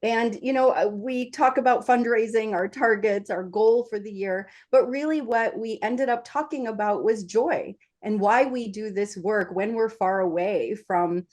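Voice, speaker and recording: A woman's voice: medium pitch, unhurried, hardly any pauses, darkish tone. A woman who leads a nonprofit, giving earnest remarks over a video call with frequent filler words. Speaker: nonprofit leader. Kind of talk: prepared remarks.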